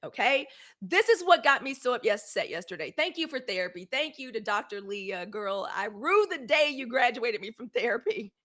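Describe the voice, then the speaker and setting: Bright-voiced Mississippi woman hosting a livestream. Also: on the high side, very animated, moderate pace. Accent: Southern US, Mississippi. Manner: talks straight to viewers, calls them y'all, fiery and blunt with swearing. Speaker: livestream host. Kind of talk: casual livestream commentary.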